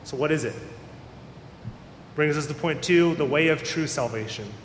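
A man preaching a sermon as a pastor, talking casually and acting out the people he quotes. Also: normal speed. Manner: conversational, acts out quoted voices. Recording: echoey hall with faint rumble.

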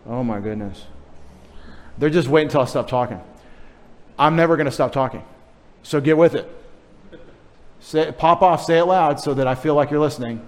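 A middle-aged pastor preaching a sermon, teasing and coaxing the children in the congregation. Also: male voice, a little high.

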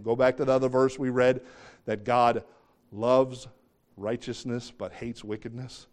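A man's voice: mid-range voice, steady tone, unhurried. Middle-aged male preacher, earnest, emphatic sermon delivery with direct questions to listeners. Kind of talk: sermon with scripture reading.

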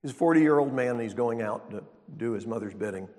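A man's voice: mid-range voice, quick pace, darkish tone. A man preaching a sermon as pastor, teaching in a conversational way and asking the congregation rhetorical questions. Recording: long reverb of a large hall.

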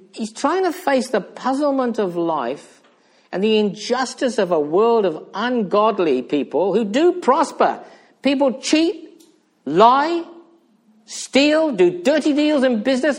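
A male preacher delivers a sermon in a high-pitched voice that rises and falls dramatically. He swings between loud emphatic bursts and hushed asides, putting rhetorical questions straight to his listeners.

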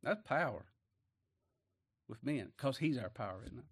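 A man preaching a sermon in a folksy way, asking rhetorical questions and swinging between loud declarations and low, quiet asides. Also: animated, a little slow, husky.

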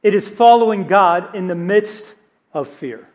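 A man preaching a sermon, telling a story with animated acted-out dialogue. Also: sits high, measured pace. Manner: animated storytelling, acting out quoted voices. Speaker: pastor. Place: church stage.

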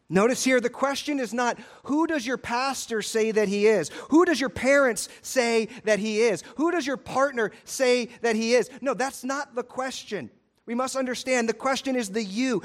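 A male pastor preaching a sermon in a church, emphatic, rising to loud urgent peaks and dropping to low, slow, hushed lines. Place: church sanctuary.

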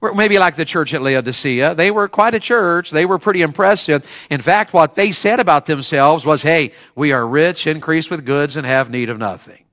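A man preaching a sermon, telling stories in a folksy way with rising bursts of excitement. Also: fairly high pitch, normal speed. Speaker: evangelist preacher.

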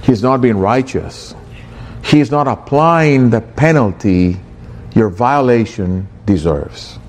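Man, pastor, sermon, slow delivery, lively pitch swings, emphatic preaching. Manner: slow, emphatic preaching that rises to excited bursts.

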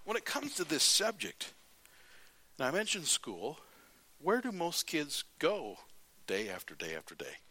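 A man preaching a sermon as pastor, telling stories in a lively way and reading scripture aloud. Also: a little high, measured pace, long pauses, slightly rough. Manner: animated storytelling, then plain scripture reading.

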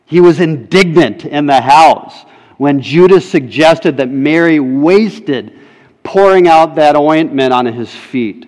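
A man's voice: a little high, slow pace, a little mellow. A man preaching a sermon emphatically, putting rhetorical questions to his congregation. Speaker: pastor. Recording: long reverb in a hall.

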